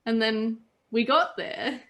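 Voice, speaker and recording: A woman's voice: a little high, takes it slowly, a bit bright. An Australian woman chatting casually with friends as a podcast host, telling stories and laughing between them. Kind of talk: casual group chat.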